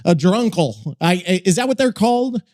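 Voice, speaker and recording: Guy on a podcast, high voice, jumps all over, swears a ton, faint music behind. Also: moderate pace. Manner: profane, blunt and excitable, with frequent swearing. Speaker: podcast co-host. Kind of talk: casual podcast chat reacting to songs. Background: faint song playing under his talk.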